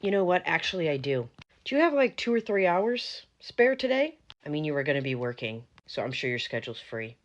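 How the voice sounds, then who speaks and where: A woman's voice: rumbling low, quick pace, few pauses. A woman voicing a smug, entitled man who owns a wedding venue, pushy and patronizing in a falsely friendly way. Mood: condescending.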